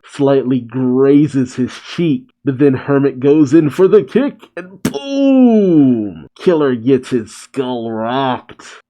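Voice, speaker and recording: A man reading a manga chapter aloud and reacting, with relaxed narration broken by chuckles and exclamations. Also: medium pitch.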